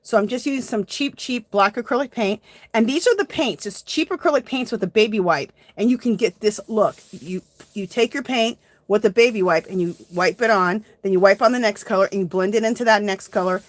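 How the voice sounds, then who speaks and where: A woman's voice: mid-range voice, brisk, no echo. A woman hosting a casual live art journaling tutorial, chatting to viewers as she works. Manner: chatty, addresses viewers as "you guys".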